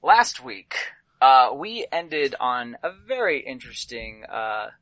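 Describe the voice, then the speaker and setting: Lively bright-voiced man hosting a game. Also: medium pitch, slow, dry recording. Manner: playful, lively, goofy asides. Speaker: game master and host. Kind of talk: hosting a tabletop horror game podcast.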